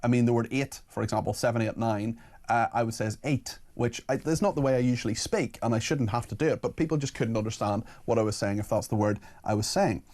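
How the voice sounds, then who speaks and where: A man's voice: medium pitch, fast, a little mellow. A man with a Northern Irish accent hosting a talk radio show, reading listener messages in a chatty, informal way. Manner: chatty and informal, with frequent fillers.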